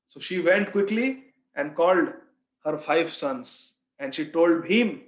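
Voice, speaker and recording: A man teaching a devotional scripture class through animated, expressive storytelling. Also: a little high, measured pace. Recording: roomy, slightly dull recording.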